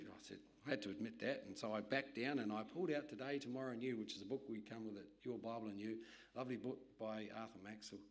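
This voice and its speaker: A man, a literature evangelist, telling a lively anecdote in a sermon with asides to his listeners. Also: on the low side, quick pace. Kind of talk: storytelling sermon.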